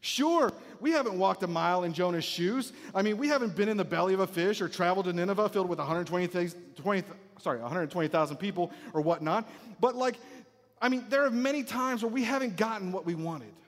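A man with a high voice preaching a sermon, emphatic and fond of repeating himself, often sinking to a hush to drive a point home. His voice carries through a long, echoing hall. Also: expressive, fast.

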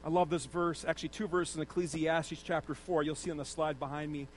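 A man's voice: fairly high pitch, fairly quick, a little hiss or hum, rough recording. A middle-aged male pastor giving a casual, conversational sermon from a church stage, asking the congregation questions. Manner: conversational, animated, asks the audience questions. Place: church stage with a slide screen.

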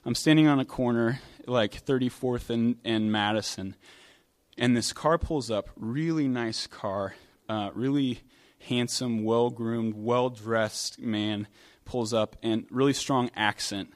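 A man preaching a sermon, from New York, telling stories in a relaxed, conversational way with pauses and restarts. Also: medium pitch. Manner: conversational storytelling with hesitations. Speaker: pastor.

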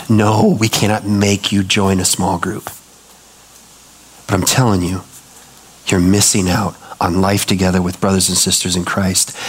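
A man preaching a sermon as pastor, talking in a conversational way, acting out quoted voices and dropping low and slow to stress a point. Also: husky.

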